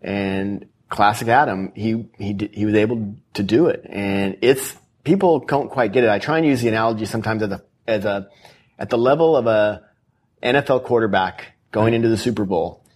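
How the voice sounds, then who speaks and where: Man, low voice, author guest, earnest storyteller, animated interview. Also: moderate pace, slightly rough. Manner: earnest, quotes people in his stories.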